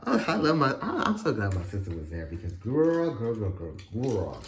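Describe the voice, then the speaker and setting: Man vlogger, low-ish voice that swings wide, slangy and cussing, telling a storytime. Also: normal speed, slight background noise. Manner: animated, profane storytelling full of slang and fillers; acts out quotes with sudden high pitch jumps. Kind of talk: casual storytime.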